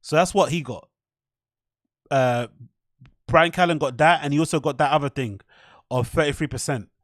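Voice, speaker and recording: Sarcastic male podcast host, slightly high voice, dry close sound. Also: normal speed, a bit bright, no echo. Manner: mocking, sarcastic, swears. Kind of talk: rambling commentary over clips.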